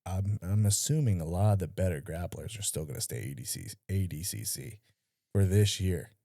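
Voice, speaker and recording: Jokey, animated podcast co-host man. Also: low-pitched, moderate pace, dry recording, clean studio sound. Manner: animated, jokey, repeats himself. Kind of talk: casual chat.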